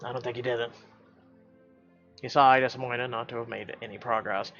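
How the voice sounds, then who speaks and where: A man's voice: mid-range voice, fairly quick. A man reading a story game live, narrating and cracking profane jokes between lines, over a slightly dull recording with faint game music. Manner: animated, joking, profane asides. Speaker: game streamer reading aloud.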